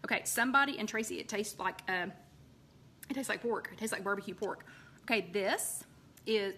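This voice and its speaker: A woman's voice: medium pitch, pushed and bright, slight background noise. A woman hosting a live recipe chat from her home, rambling casually with lots of ums and greeting viewers by name.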